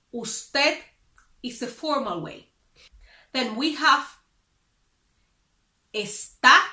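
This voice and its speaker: A woman's voice: sits high, bright, forceful tone, roomy sound. A woman teaching a beginner Spanish lesson, upbeat and careful as she explains.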